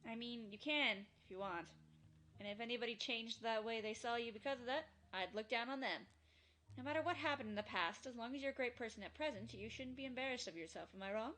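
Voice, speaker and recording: A woman's voice: fairly high pitch, quick pace, a bit bright, close to an everyday voice. A woman voicing an outspoken, caring teenage girl in a visual novel fan dub. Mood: earnest. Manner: earnest, rousing. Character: teenage girl, bold, warm-hearted club leader.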